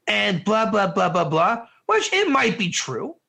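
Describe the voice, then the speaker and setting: A man's voice: very high voice, big pitch swings, measured pace, gravelly, few pauses, bright, forceful tone. A man teaching an interactive online Torah class, emphatic and firing rhetorical questions at his viewers.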